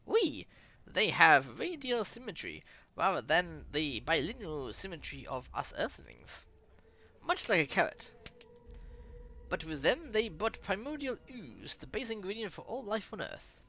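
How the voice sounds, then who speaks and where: Pompous French scientist, slow and lecturing, lively pitch, put on by a reader. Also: exaggerated voice, rough recording.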